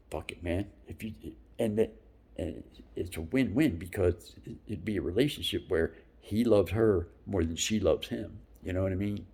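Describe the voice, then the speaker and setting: A man in his fifties telling rambling stories, profane and loose, dropping into whispered asides between louder bursts. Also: on the low side, gravelly, breathy edge. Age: 50s. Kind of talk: rambling storytelling monologue.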